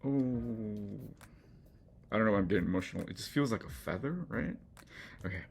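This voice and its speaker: A man's voice: lowish voice, animated, moderate pace, creaky, darkish tone, a little hiss or hum. A middle-aged man hosting a casual art vlog, chatty and encouraging, easily moved as he talks through his work. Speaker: collage artist and channel host. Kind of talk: casual studio vlog to camera.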